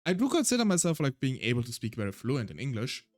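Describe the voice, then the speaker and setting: A man's voice: medium pitch, huge pitch swings, fast talker, soft background music. A man with a German accent, a native German speaker, chatting casually on a solo stream in a rambling, self-deprecating way.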